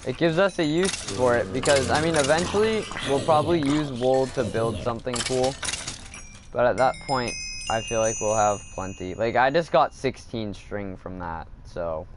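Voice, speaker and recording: A man's voice: mid-range voice, moderate pace, noisy background. A man casually commenting while he plays a video game, thinking aloud and getting annoyed at the game. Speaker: gaming video host.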